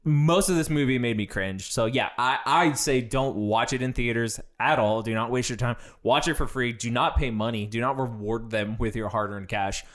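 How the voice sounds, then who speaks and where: A man's voice: medium pitch, normal speed, hardly any pauses, a bit bright. A man co-hosting a casual movie review, blunt and exasperated, swearing freely as he rants.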